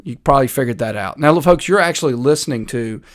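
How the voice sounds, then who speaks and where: A man speaks with a North Carolina Piedmont Southern accent in a middle-pitched voice. He hosts a live political commentary stream, talking casually and opinionatedly with plenty of filler words. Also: expressive, quick pace. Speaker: host.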